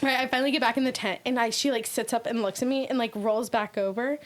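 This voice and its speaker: Animated young woman telling a story. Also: fairly high pitch, fast. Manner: animated storytelling, acts out quotes, many "like" fillers. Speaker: podcast co-host. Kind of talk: casual chat, storytelling.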